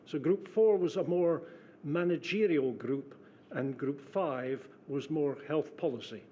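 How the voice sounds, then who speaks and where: An older man giving formal testimony as a witness, precise and measured, pausing with fillers. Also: on the high side, warm tone, muffled recording, slight background noise. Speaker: witness, former civil servant.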